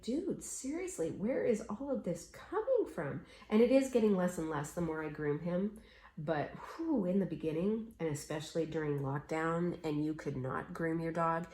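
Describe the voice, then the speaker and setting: A woman's voice: low voice, a little mellow, reverberant. A middle-aged woman chatting casually while she stitches, telling stories and acting out the voices of people in them. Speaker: cross-stitch vlogger.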